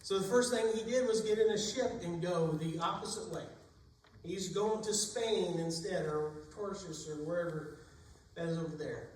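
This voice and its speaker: A man's voice: high-pitched, moderate pace, a little hiss or hum. A man preaching a sermon in a church, retelling Bible stories in plain everyday speech. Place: church sanctuary. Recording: echoey room, distant mic.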